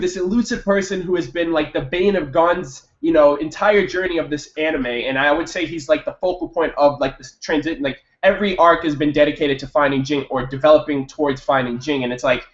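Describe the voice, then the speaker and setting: Excitable young man reviewing anime. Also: on the high side. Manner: excitable, swears, jumps up loud when hyped. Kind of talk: excited casual review monologue. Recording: echoey room, dull lo-fi mic.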